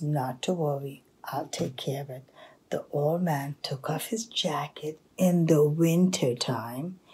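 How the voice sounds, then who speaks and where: A woman telling a children's folktale in a slow, breathy voice. She often drops into a half-whisper and pauses as she goes. Her pitch sits on the low side. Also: a little mellow. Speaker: storyteller. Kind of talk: oral storytelling.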